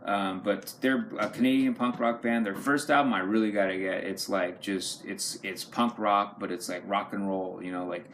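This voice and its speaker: A man's voice: lowish voice, steady tone, moderate pace, few pauses, a bit bright, slight background noise. A man casually showing his record collection, rambling and enthusiastic, swearing often and using many fillers. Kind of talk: casual unscripted talk to camera.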